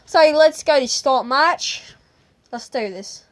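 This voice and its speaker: A woman with a put-on British accent giving loud, excitable, slang-heavy commentary on a mobile game. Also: sits high, slow pace, dry recording. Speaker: gaming YouTuber.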